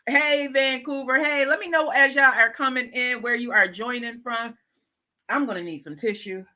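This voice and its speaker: Her nose runs and she keeps clearing her stuffed-up throat, yet this middle-aged woman from Lackawanna, New York, still sounds bright and ringing as she hosts a casual live stream. She talks at a moderate pace in a voice on the high side. She is chatty and animated, laughing on the side and warmly addressing the audience as y'all.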